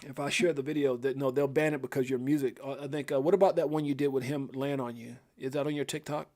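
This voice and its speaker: A man in mourning hosts a casual livestream, speaking at a middling pitch. He talks haltingly, with many fillers and restarts, and reads viewer comments aloud between his own thoughts. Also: fairly even intonation, darkish tone. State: grieving. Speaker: livestream host.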